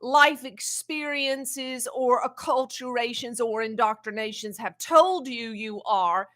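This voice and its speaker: A woman channeling an ancient wise spirit in a spiritual teaching talk, speaking slowly and haltingly and often repeating words. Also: on the high side, fairly bright tone. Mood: calm teaching. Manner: slow, halting, repeats words while searching.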